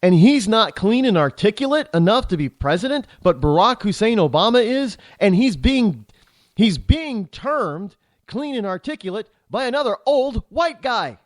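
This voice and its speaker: A man's voice: high voice, sing-song, moderate pace, no room sound. A man hosting a talk show, delivering a rambling, indignant political commentary monologue full of restarts and repeated words.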